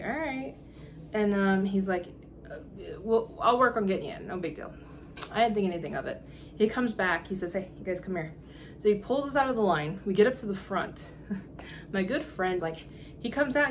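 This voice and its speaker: A woman vlogger telling a casual, animated story in exasperated tones, often laughing and acting out the dialogue. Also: on the high side, slight background noise.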